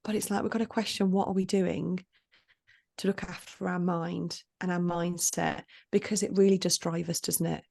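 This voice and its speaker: A woman's voice: lowish voice, flat delivery, moderate pace, vocal fry, a little mellow. Earnest, breathless woman co-host. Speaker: podcast co-host. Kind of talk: casual chat.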